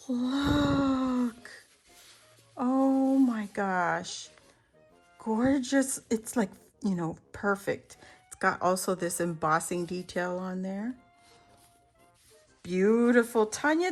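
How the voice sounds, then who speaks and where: A woman showing off handmade crafts she got in the mail, gushing over every piece with lots of gasps and exclamations. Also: mid-range voice. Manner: gushing, exclaims and gasps often, laughs between lines. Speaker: crafting YouTuber. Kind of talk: unboxing a craft haul.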